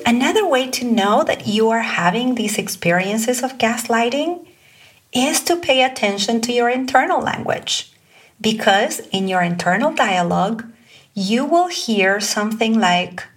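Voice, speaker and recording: A woman teaches about communication in an unhurried, measured lesson. Her voice sits a bit high and carries a faint huskiness. She sounds set back from the microphone. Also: lively intonation, husky, recorded from a distance. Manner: slow, deliberate, reading example phrases aloud. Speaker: communication coach. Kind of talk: calm instructional talk.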